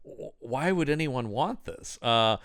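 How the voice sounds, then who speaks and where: A man's voice: mid-range voice, lively intonation, unhurried, a bit bright, dry recording, studio quality. A man co-hosting a podcast, chatting casually and with enthusiasm about a film. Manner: enthusiastic, jumps in with quoted lines. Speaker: podcast co-host. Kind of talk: casual movie review chat.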